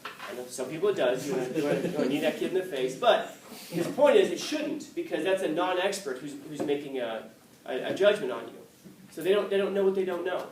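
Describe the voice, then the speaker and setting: A man teaching a class, telling a story in a lively way and acting out the quotes, often restarting his sentences. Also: fairly high pitch, fairly quick, slight background noise. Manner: animated storytelling, acts out quotes, frequent restarts. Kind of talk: classroom lecture. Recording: echoey classroom from far off.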